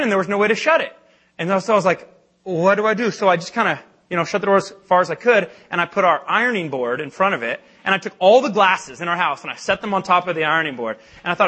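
Young male speaker for a campus ministry talk; high, bright voice, self-deprecating, animated, filler-heavy storytelling. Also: slightly rough. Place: church meeting hall.

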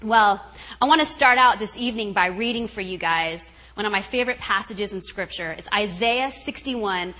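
Bright, chatty woman speaker telling a story. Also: medium pitch, normal speed, poor audio. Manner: chatty, laughing, lively, acts out the voices of others in her story. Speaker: guest speaker at a retreat. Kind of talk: storytelling talk to a retreat group.

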